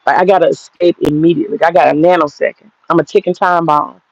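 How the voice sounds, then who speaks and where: A woman's voice: deep voice, quick pace, vocal fry, a little mellow, no echo, lo-fi sound. A woman in her forties telling a personal story straight to viewers, blunt and profane, laughing through it. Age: 40s. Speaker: vlogger.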